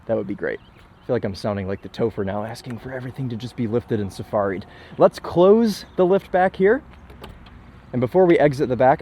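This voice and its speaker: Young man, car reviewer, chatty and enthusiastic, mid-pitched voice, casual walkaround talk outdoors. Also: darkish tone, a little hiss or hum. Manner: enthusiastic, chatty, self-deprecating asides.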